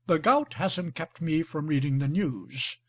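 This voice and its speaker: A man doing a sly, gouty old nobleman, a marquis who schemes and flatters. the voice is gravelly and husky, slow and drawn out, and it swings up and down a lot as he talks. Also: a little high, full character voice. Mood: wry. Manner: ironic, flattering, smooth talker. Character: scheming older male marquis with gout, cynical.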